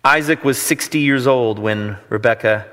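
A pastor preaches in a long, reverberant hall, his medium-pitched, slightly bright voice moving at a moderate pace. He blends scripture reading with casual stories, keeping it conversational and poking fun at himself.

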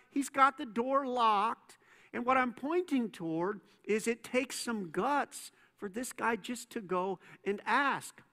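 A man preaching a sermon as a pastor, conversational and playful, telling stories with quick asides. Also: very high voice, bright, forceful tone. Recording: long reverb in a church hall.

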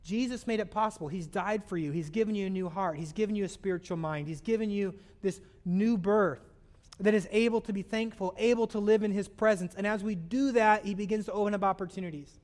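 High-voiced man preaching earnestly. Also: fairly quick, a little mellow. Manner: earnest preaching with acted-out asides. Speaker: pastor. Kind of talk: sermon.

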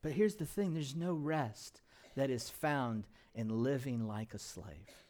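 A pastor preaching a sermon, asking rhetorical questions and swinging between emphatic and hushed delivery. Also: male voice, mid-range voice, takes it slowly.

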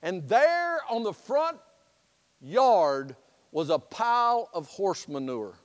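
A man preaching a sermon as pastor, telling a folksy story in an animated storytelling manner. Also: sits high, slow, big-room sound. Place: church sanctuary.

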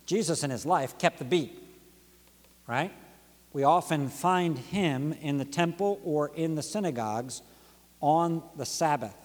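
A man preaches a sermon in a slightly high voice, his delivery rhythmic and dynamic. He drops to hushed, near-whispered lines, then climbs to emphatic peaks. The sound carries a long church reverb. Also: a little slow. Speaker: pastor. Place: church sanctuary.

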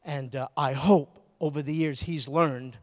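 A man's voice: on the high side, steady tone, a little slow, a little mellow. An older man preaching a sermon in a conversational way, telling stories and asking rhetorical questions. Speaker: pastor. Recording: hall with long reverb.

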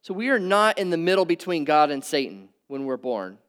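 A middle-aged man preaching a conversational sermon, swinging from emphatic peaks to quiet asides. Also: on the high side, big pitch swings, a little fast, smooth. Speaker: pastor. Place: church hall with audience.

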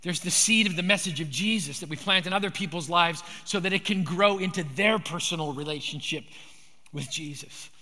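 A man preaching a sermon in a high, bright, forceful voice. He drives his points home with emphatic, repeated phrases, and a long hall reverb trails his words. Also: fairly quick. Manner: emphatic, repetitive preaching cadence. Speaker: pastor.

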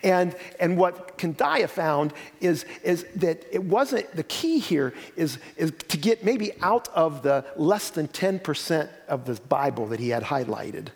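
A man retelling Bible stories in a relaxed conversational teaching style, animated storytelling. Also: fairly high pitch, a little slow, creaky, few pauses. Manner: animated storytelling, acts out quoted lines. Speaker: pastor. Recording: long hall reverb.

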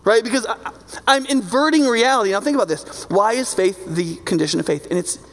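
A male preacher with a high, gravelly voice delivers a sermon in a conversational, emphatic way. He keeps checking in with his listeners as he talks. His voice rings out with a long hall reverb. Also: lively intonation, brisk.

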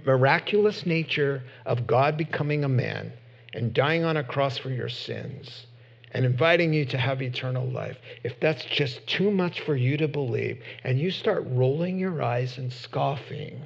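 A man preaching a sermon as pastor, emphatic, with sudden loud rises. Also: fairly high pitch, lo-fi sound.

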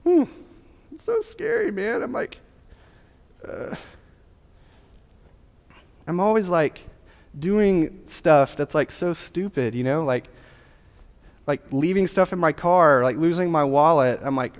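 A man's voice: fairly high pitch, lively intonation, takes it slowly, long pauses, clean tone. Casual preacher man in a reverberant hall. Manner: casual, joking, conversational preaching. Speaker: pastor. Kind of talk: sermon.

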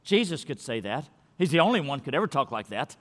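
A man preaching a sermon as pastor, earnest and repetitive, sometimes dropping his voice to a hush to stress a word. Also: a little high, very animated, a little fast. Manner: earnest, repeats key words, drops to a hush for emphasis. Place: large church sanctuary. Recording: long hall reverb in a big church.

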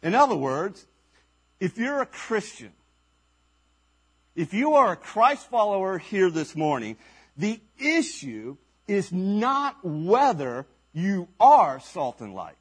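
A man's voice: sits high, big pitch swings, slow pace, husky. A man preaching a sermon as pastor at a church service, speaking emphatically with rhetorical questions and repeated phrases.

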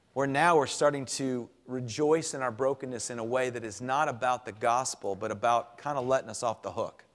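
A pastor preaching a sermon in a conversational way, repeating words for emphasis. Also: male voice, medium pitch, long reverb tail.

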